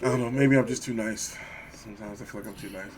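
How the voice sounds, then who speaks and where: Animated man chatting on a podcast. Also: lowish voice, fast, a little hiss or hum. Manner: animated, profane, acts out quoted voices. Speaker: podcast co-host. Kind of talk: casual chat.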